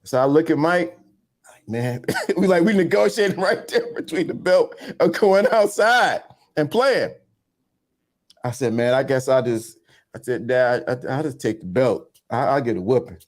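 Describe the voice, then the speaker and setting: A man of medium pitch and normal pace co-hosts a podcast, chatting through stories. He tells them with animation, acting out everyone's voices.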